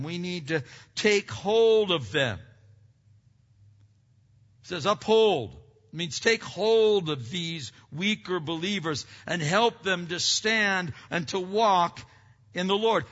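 Man preaching in a reverberant hall. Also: high voice. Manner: swings from loud emphatic preaching to quiet earnest asides; asks the congregation questions and answers them. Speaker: pastor. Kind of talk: sermon. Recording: dull lo-fi recording with long hall reverb.

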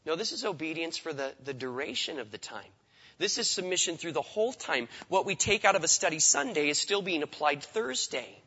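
A man's voice: on the high side, animated, a little fast, pushed and bright, breathy edge, long reverb tail, highs cut off. A man preaching a sermon in a conversational way, often repeating words as he starts a sentence. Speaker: pastor.

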